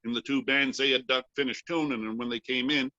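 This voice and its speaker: A man's voice: medium pitch, steady tone, fast, sharp tone. A man from Canada, a guest storyteller, chuckling through a rambling personal anecdote for a live audience. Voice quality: chuckling, self-deprecating, rambling with restarts. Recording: dull lo-fi live recording.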